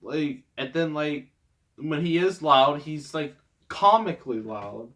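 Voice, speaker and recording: Slow-talking exasperated man ranting. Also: a little high, expressive, a bit bright. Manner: exasperated, rambling, breaks into laughs. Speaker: movie reviewer, host of the show. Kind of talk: casual movie review rant.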